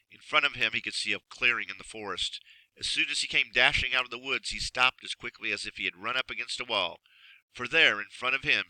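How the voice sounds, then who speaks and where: A man narrating a children's storybook in an expressive, measured way. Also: lowish voice, no room sound, poor audio. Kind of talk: storybook reading.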